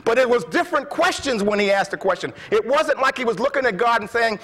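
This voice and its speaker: A man preaching a sermon, reading scripture passionately and dropping his voice to a hush at times. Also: extremely high pitch, lively intonation, big-room sound. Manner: impassioned, slows and drops to a hush when reading scripture.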